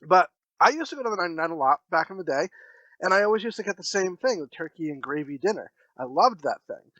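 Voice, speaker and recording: A man co-hosting a casual podcast, telling stories in a fast, excitable way. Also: high voice, no echo, dull audio. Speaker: podcast co-host.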